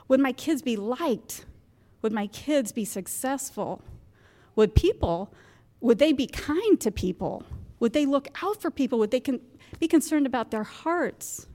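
In a spacious-sounding church gym, a woman in her fifties speaks as a guest at a moms' group, telling a candid, self-mocking personal story with frequent laughter. Her voice sits fairly high and has a slightly mellow quality.

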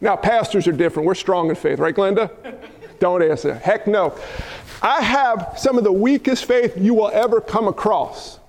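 A man preaching a sermon as pastor, fiery and animated, calling out to the congregation for responses and dropping folksy asides and loud exclamations. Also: high-pitched, moderate pace.

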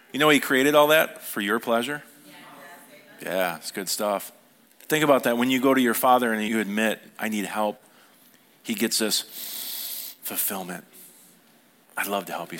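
A man's voice: medium pitch, fairly bright tone. A middle-aged male pastor delivering a Sunday sermon. His speech is conversational, and he often turns to the congregation with questions.

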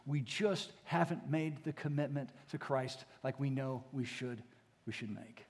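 A man preaching a sermon as pastor, moving between hushed, intimate passages and rising, emphatic exhortation. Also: medium pitch, a little slow. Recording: long hall reverb.

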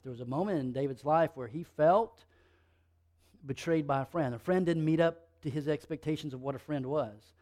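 A man with a high voice delivers a sermon. He hammers home each point through repetition, rising to forceful emphasis and then dropping to near-whispers. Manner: emphatic, repetitive preaching with swings from loud to hushed. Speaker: pastor.

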